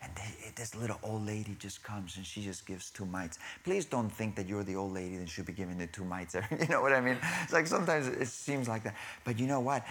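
A man delivers a sermon to his congregation, swinging from animated bursts to hushed near-whispers while correcting himself and laughing in asides. His voice is lowish and a little fast, with hardly any pauses.

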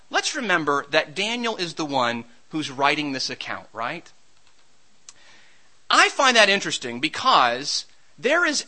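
A male preacher delivers a sermon with a bright, piercing tone. His pitch sits high and swings widely as he reads scripture and acts out its characters. He is expressive and dramatic throughout. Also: low-quality recording.

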